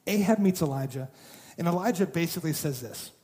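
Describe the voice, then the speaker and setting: High-voiced preacher in a reverberant hall. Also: male voice, fairly quick. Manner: animated storytelling with dramatized quotes and humor. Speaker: pastor. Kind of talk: sermon.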